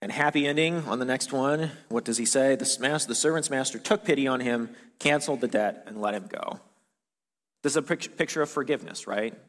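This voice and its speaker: A man preaching a sermon in a relaxed, conversational way, with frequent fillers and restarts. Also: mid-range voice, fairly quick. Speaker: pastor. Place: church hall. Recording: long hall reverb.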